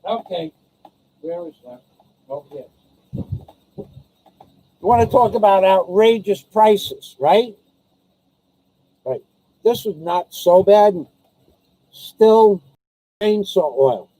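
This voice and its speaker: A man vlogging in a rambling, casual monologue, telling stories and quoting people as he grumbles about high prices and masks. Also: animated, very slow, pauses often, mellow, no room sound, low-quality recording.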